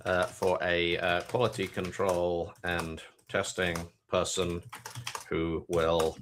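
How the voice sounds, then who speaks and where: Deep, slow-talking dry man. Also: completely flat delivery, noisy background. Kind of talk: casual chat on a live coding stream.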